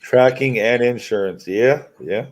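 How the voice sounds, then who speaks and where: A man with a drawl hosts a charity auction on a live stream. He calls out bids and counts them down in a folksy, easygoing way. His voice sits at an ordinary middle pitch. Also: measured pace. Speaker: auction host.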